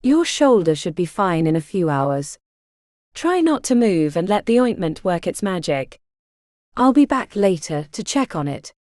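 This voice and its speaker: A woman's voice: on the low side, big pitch swings, a little slow, darkish tone, no echo. A woman voicing a blunt young female healer who gives curt, dry instructions.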